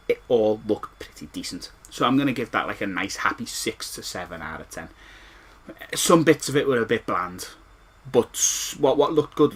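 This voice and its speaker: A man with a Scouse accent gives an old game review in a bright, forceful voice. He rants and swears without restraint. He rambles and repeats himself as he goes. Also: lowish voice. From Liverpool, England. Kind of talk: ranting retro game review.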